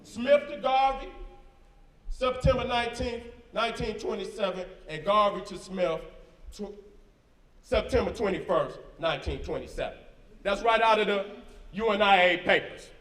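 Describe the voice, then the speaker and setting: Man, live debate, emphatic and combative, high-pitched, recorded from a distance. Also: normal speed, a bit bright, reverberant. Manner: emphatic, combative, slangy asides. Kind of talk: live debate, reading documents aloud. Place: event hall with a crowd.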